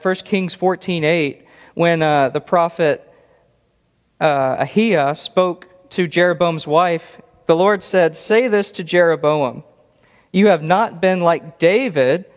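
Earnest preacher in a reverberant hall. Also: male voice, on the high side. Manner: earnest, emphatic, repeats words for stress. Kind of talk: expository sermon. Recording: long reverb of a large hall.

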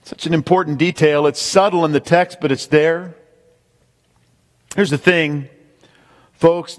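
A man's voice: sits high, unhurried. A man preaching a sermon, emphatic, repeating key points and speaking straight to the congregation. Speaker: pastor. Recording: long hall reverb.

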